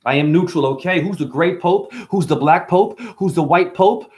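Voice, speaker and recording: A man performing freestyle spoken-word rhymes, stream-of-consciousness wordplay that swings between low murmurs and sudden high bursts. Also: normal speed, hardly any pauses, a little mellow.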